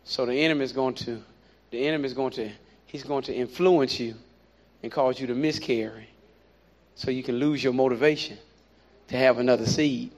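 A man preaching a sermon, animated and repetitive, with playful asides. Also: mid-range voice, moderate pace. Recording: dull lo-fi recording.

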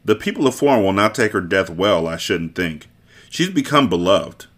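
A man voicing a slender, uneasy Spanish swordsman in a storybook reading, speaking in a quiet, reluctant way. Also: low-pitched, lively intonation, moderate pace.

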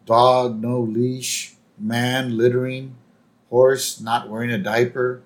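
Podcast co-host, male, middle pitch, easygoing plot recap. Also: little pitch movement, slow pace. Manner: narrates plot with laughs and quoted lines. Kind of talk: casual chat retelling an episode.

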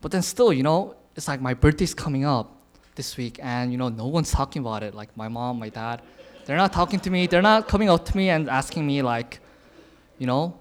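A man's voice: fairly high pitch, lively intonation, moderate pace. A man in his twenties giving an informal sermon, casual, with lots of filler words and frequent chuckles. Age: 20s. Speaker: youth speaker sharing a message.

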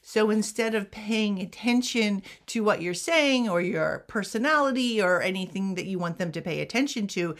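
A woman's voice: medium pitch, animated, normal speed, hardly any pauses. Chatty woman giving vlog tips. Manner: chatty, self-deprecating humor. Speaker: author and teacher. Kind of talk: casual advice vlog.

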